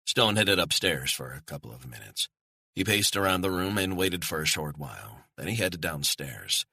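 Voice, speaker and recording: A man narrating a thriller audiobook in a measured, suspenseful reading. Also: deep voice, sing-song, vocal fry, bright, forceful tone, slightly rough, no room sound, clean studio sound.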